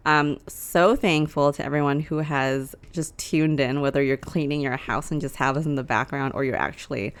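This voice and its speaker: A young woman talks casually as a podcast co-host, her voice sitting low for a woman. She is chatty and laughs often, recorded in a small living room. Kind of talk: casual chat.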